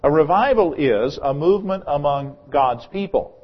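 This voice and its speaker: A man's voice: fairly high pitch, animated, moderate pace. Earnest preacher man, lo-fi recording. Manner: earnest, repeats words at starts of phrases. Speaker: pastor. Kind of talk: sermon.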